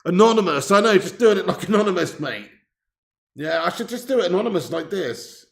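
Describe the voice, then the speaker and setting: Brief: male livestream host, gravelly voice sitting a bit high, jokey banter with chat, roomy echo. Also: expressive, fairly quick. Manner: jokey, laughing, swearing banter. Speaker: livestream host of a football watch-along. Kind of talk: casual livestream chat reading viewer messages. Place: temporary setup on a trip in Spain.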